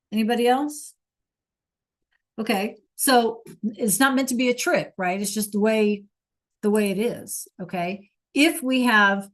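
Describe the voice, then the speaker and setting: Slow-talking teacher on a video call. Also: female voice, mid-range voice. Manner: encouraging, asks students to answer in chat. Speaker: Spanish teacher. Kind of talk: online class teaching.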